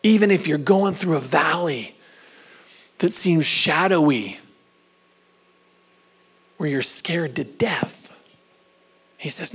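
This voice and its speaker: A man's voice: a little high, animated, slightly rough. Man preaching a sermon with dramatic dynamics. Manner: dynamic preaching, swings from loud emphasis to soft whispers; slow, drawn-out emphasis on key phrases. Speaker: pastor.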